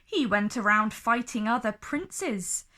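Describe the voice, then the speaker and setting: A woman reading a children's picture book aloud in an expressive, animated storybook manner. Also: a little high, takes it slowly.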